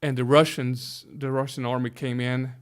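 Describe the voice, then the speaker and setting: A Hungarian man in his fifties, a pastor, is a guest in a conversational interview, speaking with a Hungarian accent. His voice is medium-pitched, clear and resonant, with a level tone and moderate pace. He talks carefully and often restarts as he searches for English words.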